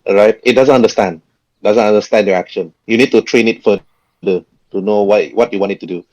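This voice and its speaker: A man running a tabletop game as game master, talking in a halting way with frequent chuckles. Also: fairly low pitch, a little mellow, low-quality recording.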